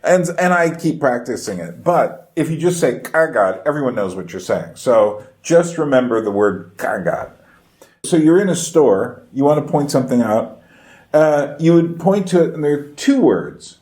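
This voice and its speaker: A man's voice: fairly high pitch, darkish tone. A man casually teaching basic words of a foreign language, thinking aloud with small restarts and acting out how locals say them. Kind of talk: casual spoken lesson.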